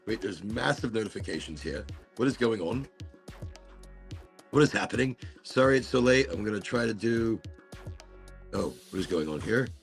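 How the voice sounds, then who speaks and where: A man's voice: medium pitch, creaky. A male host running a casual livestream chat show, rambling playfully and swearing freely.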